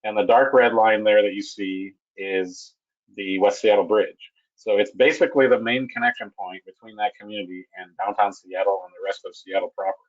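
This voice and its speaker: A man presenting a technical webinar on a bridge repair, talking in a halting way with many restarts and fillers. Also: lowish voice, steady tone, dull audio.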